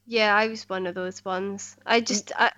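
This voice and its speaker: A woman's voice: medium pitch, steady tone, moderate pace, pushed and bright, muffled recording. A woman co-hosting a podcast in casual chat, earnest and enthusiastic, often restarting her sentences. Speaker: podcast co-host.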